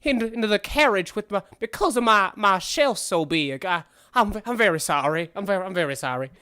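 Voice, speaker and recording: A man's voice: high voice, expressive, a little fast, pushed and bright, clean tone, no room sound, studio quality. A man voicing a nervous, apologetic male armadillo who stammers through his apologies, in a tabletop game. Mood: flustered.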